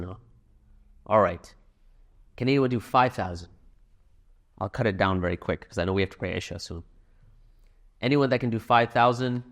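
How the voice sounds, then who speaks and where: A middle-aged man speaking to a live audience in a hall, telling anecdotes and making a donation appeal in a conversational way. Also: on the low side. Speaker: speaker at a fundraising talk.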